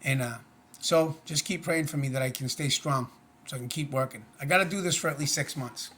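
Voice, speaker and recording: A man's voice: medium pitch, brisk, fairly bright tone, breathy edge. A middle-aged man talking to camera in a casual personal vlog, earnest, plainspoken and rambling. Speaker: vlogger.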